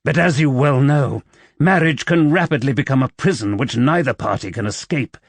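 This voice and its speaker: A man voicing a brooding, persuasive young nobleman who speaks with low, coaxing intensity in an audiobook. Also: moderate pace, creaky, dry recording.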